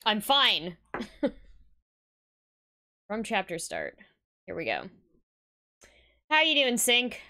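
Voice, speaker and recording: A woman's voice: medium pitch, huge pitch swings, extremely slow, vocal fry, long pauses, pushed and bright. A woman streaming a game, chatting casually and giggling as she greets viewers. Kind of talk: casual live-stream chat. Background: music.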